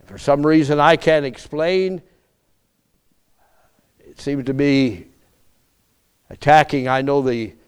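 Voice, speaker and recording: A man preaching a sermon as pastor, emphatic, with repeated rhetorical questions and drawn-out phrases. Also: a little high, a little mellow, clean tone.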